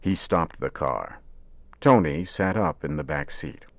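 Deep-voiced guy narrating a radio story, measured, dry close sound. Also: very animated, creaky, no echo. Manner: measured, simple wording.

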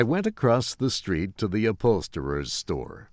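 Brief: male storyteller, low voice, very slow, deliberate, learner-friendly narration. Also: wildly swooping pitch, no echo, clean studio sound. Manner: measured, carefully enunciated.

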